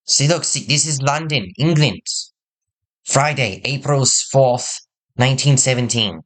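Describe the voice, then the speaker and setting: A man's voice: mid-range voice, a little slow. A man giving casual, rambling commentary over his war strategy gameplay, often restarting his sentences. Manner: rambling, self-correcting, upbeat. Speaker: gaming video host. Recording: loud game music and explosions behind.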